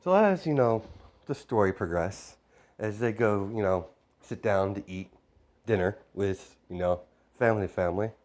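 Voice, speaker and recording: A man's voice: fairly low pitch, moderate pace, a little mellow. A man improvising a spoken fan story, rambling with constant fillers and restarts.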